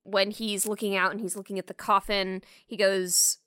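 Woman podcast co-host, bright voice, dry close sound, animated casual film chat. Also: mid-range voice, moderate pace, few pauses, no room sound. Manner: animated, swears casually, acts out quotes.

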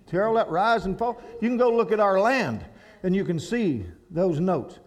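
Man, Kentucky Appalachian accent, high voice, folksy storytelling sermon, church guest speaker. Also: sing-song, unhurried.

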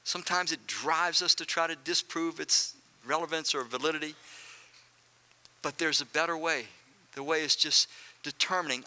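A man's voice: fairly high pitch, fairly even intonation, moderate pace, bright, forceful tone. A male pastor preaching a sermon, speaking earnestly and directly to his congregation and repeating phrases for emphasis.

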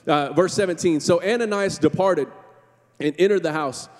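A man's voice: fairly high pitch, normal speed. A man in his thirties preaching a sermon as campus pastor, telling stories in a chatty, joking way with acted-out quotes. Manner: conversational, jokey storytelling with acted-out quotes. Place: church sanctuary. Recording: long hall reverb in a church.

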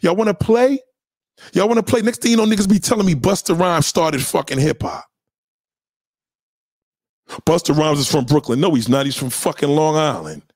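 Middle-aged New York streamer: brash, profane, challenging, voice sits high and swings wildly, dry close sound. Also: male voice, lively intonation, moderate pace, pauses often, dry recording. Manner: loud, profane, boastful, challenging. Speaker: live streamer playing records for chat. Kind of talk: hyped trash talk over music.

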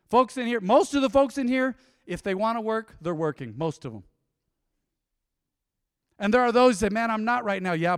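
Give me an emotive male pastor delivering a sermon in a high, bright voice. He preaches with energy, jumping from loud bursts to hushed asides. The voice sounds close and dry, with a long hall reverb trailing behind it. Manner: energetic, emotive, swinging between loud and soft.

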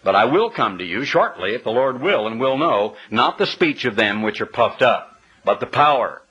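A man's voice: mid-range voice, sing-song, normal speed, pushed and bright, husky, dull audio. A man preaching a sermon, emphatic and full of rhetorical questions, sometimes spelling words out letter by letter.

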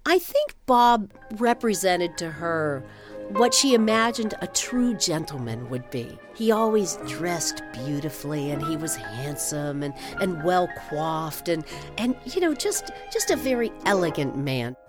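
A woman telling a personal story in a wry, animated way. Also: lowish voice, unhurried. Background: music.

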